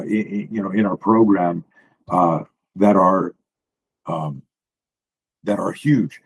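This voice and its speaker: A man, a self-defense coach, explaining drills while sharing slides on a video call, blunt and profane in an animated way. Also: lowish voice, slightly rough, low-quality recording.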